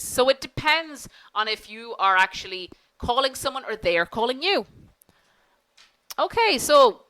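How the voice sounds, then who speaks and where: A woman's voice: fairly high pitch, sing-song, measured pace, bright, forceful tone, rough recording. A woman teaching an online business English class, polite and encouraging, acting out example phone phrases.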